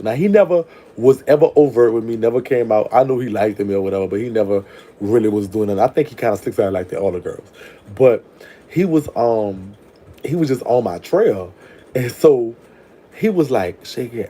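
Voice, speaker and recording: A man's voice: mid-range voice, mellow, husky. A young adult man telling a crude story in a casual, brash way, laughing and trailing off into murmurs. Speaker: vlogger telling prison stories.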